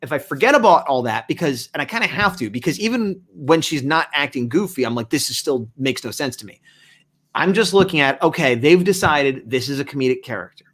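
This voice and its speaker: A man's voice: fairly high pitch, lively intonation, fairly quick, fairly bright tone. A man hosting a casual review discussion, rambling and reasoning aloud. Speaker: host.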